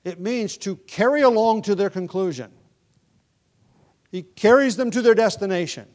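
A man with a slightly higher voice gives an expository sermon in a measured, deliberate way. He slows down on key words, now and then restarts a phrase or adds an um, and teaches steadily through the text. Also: animated, a little mellow. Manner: occasional ums and self-corrections. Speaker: preacher.

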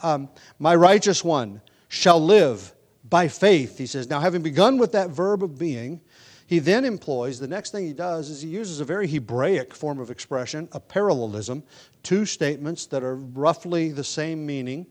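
A man's voice: a little high, expressive, normal speed. Man preaching a teacherly sermon. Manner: teacherly, explains grammar patiently, frequent restarts and ums; builds to emphatic, louder stress on key words. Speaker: pastor. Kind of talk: expository sermon.

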